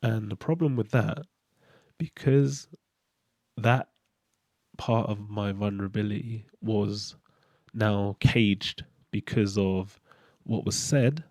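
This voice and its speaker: A man's voice: lowish voice, warm tone, no echo, studio quality. A middle-aged man speaking a candid, hesitant personal monologue as a podcast host, with fillers and restarts.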